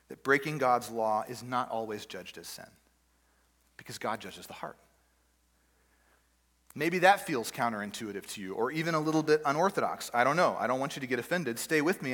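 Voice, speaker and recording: A man's voice: medium pitch, fairly bright tone. Preaching man in a reverberant hall. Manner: conversational, with rhetorical questions and everyday examples. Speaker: pastor. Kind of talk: sermon. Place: church meeting room.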